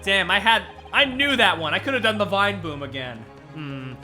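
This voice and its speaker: A man's voice: sits high, lively intonation, normal speed, few pauses, pushed and bright, faint music behind. A man streaming a video game, making casual, self-deprecating asides about his own character voices. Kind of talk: casual let's play commentary.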